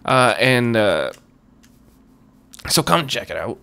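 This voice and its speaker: A man hosting a Minecraft let's play, chatting casually and muttering to himself as he plays, getting loud and excited when he pleads. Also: on the low side, slow pace, gravelly, pauses often. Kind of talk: casual gameplay commentary.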